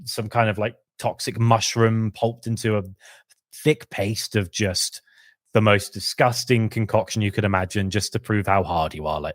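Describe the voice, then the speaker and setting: A man, co-hosting a podcast, explaining a book's story in casual chat and acting out characters' lines in quick put-on voices. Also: fairly low pitch, no echo. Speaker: podcast co-host.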